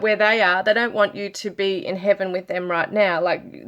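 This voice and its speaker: A woman's voice: mid-range voice, a bit bright. A woman giving a channelled tarot reading, overcome with emotion, close to tears and full of sighs and exclamations. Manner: emotional, breaking up and near tears; gushing, many sighs and exclamations. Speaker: tarot reader.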